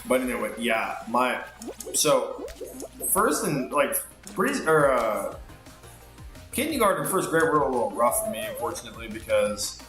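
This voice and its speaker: A man's voice: mid-range voice, big pitch swings, unhurried, bright, forceful tone, echoey room, soft background music. A man telling a rambling, profane story while playing a game, full of fillers. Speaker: streamer. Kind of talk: casual storytelling while gaming.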